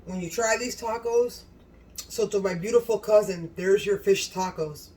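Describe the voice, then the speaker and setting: A woman's voice: mid-range voice, normal speed, a little mellow, slight background noise. Gushing woman cooking, mic at a distance. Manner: gushing and exclamatory, talks straight to viewers. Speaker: cooking channel host. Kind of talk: casual cooking demonstration. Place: home kitchen.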